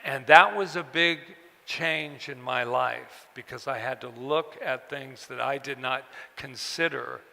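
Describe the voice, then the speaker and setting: Gravelly, bright-voiced man in a hall. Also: medium pitch. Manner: halting, repeats words, acts out quoted voices. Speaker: author at a book event. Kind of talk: personal storytelling to an audience. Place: event hall with audience. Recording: long hall reverb.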